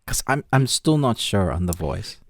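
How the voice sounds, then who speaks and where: A man's voice: fairly low pitch, normal speed, no echo, clean studio sound. A man co-hosting a podcast, chatting casually about a series and easily drifting into side topics. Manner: relaxed, wanders into tangents. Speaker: podcast co-host. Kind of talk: casual film review chat.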